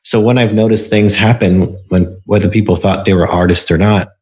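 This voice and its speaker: A man with a deep, low voice speaks in a relaxed interview. He is a book coach who explains his approach patiently and fills it with stories from his clients. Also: normal speed. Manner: explanatory storytelling with examples. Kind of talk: casual interview talk.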